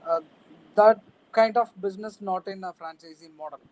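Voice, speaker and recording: High-voiced man, halting answers. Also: a little mellow, rough recording. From India. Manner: halting, short broken phrases. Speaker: guest. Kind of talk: interview answers.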